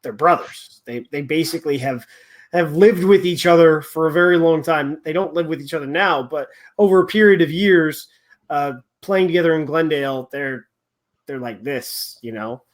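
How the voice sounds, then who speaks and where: A man's voice: a little high, moderate pace. A man hosting a casual sports podcast chat, rambling and often trailing off mid-thought. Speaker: podcast host.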